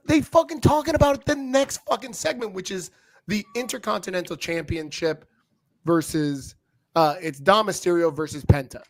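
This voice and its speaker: A man's voice: sits high, vocal fry. A man co-hosting a wrestling review show, swearing freely and acting out the people he talks about. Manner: profane, animated, mimics people, laughs often. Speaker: podcast co-host. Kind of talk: casual wrestling review chat.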